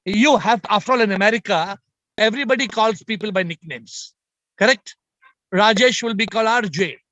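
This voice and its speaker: On a group video call, this spiritual teacher delivers an emphatic talk in a high, pushed, bright voice at normal speed, with no echo. He keeps repeating points and speaks straight to the people listening.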